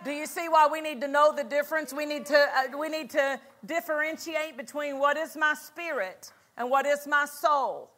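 A woman's voice: high voice, normal speed, hardly any pauses, fairly bright tone. A woman pastor preaching a fervent sermon at a conference, repeating lines and calling out for an amen. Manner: fervent, repetitive, call-and-response. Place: church conference hall.

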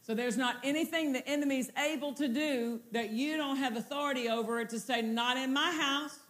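Casting: woman preacher, high voice, emphatic and repetitive. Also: a little fast. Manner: repetitive, building to exultant shouts. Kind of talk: sermon.

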